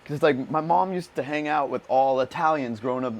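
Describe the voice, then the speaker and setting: A man's voice: medium pitch, fairly quick. An American man hosting a podcast, chatting casually, telling stories loosely and cursing often. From United States. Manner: swears a lot, loose and animated storytelling. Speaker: podcast host. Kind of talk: casual chat.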